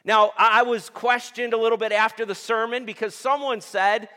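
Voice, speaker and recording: A male pastor with an extremely high, sharp, steady voice preaches at normal speed. His sermon uses call-and-response, questioning the congregation and waiting for answers, and the sanctuary adds long hall reverb.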